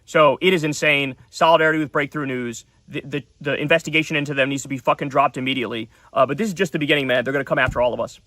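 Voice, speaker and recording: A man's voice: mid-range voice, fairly even intonation, very fast, few pauses, pushed and bright, dry recording, studio quality. A man hosting a political commentary show, ranting heatedly with profanity and repeated emphatic phrases.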